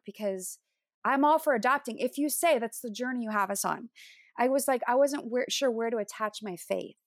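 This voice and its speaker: A woman's voice: fairly high pitch, normal speed, dry recording, studio quality. Earnest woman telling a personal testimony. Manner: earnest storytelling, acting out remembered dialogue. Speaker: worship leader, interview guest. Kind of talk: personal testimony in a podcast interview.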